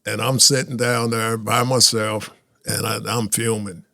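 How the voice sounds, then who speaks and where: A man in his sixties, a former pro baseball player, telling lively anecdotes in a casual chat and laughing often. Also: lowish voice, measured pace, vocal fry, no room sound, clean studio sound. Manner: animated anecdotes, laughs often, acts out quotes.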